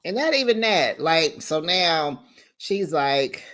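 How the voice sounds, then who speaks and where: A woman hosting a casual reality TV recap, sassy and animated, talking straight to her viewers. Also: deep voice, slow pace. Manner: sassy, animated, talks straight to viewers with slang like "child" and "honey".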